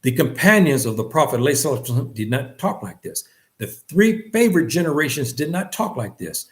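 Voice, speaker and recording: A man teaching a lesson on faith in an earnest lecture style, repeating phrases and rising in pitch on key points. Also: big pitch swings, fairly quick. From West Africa. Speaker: religious teacher.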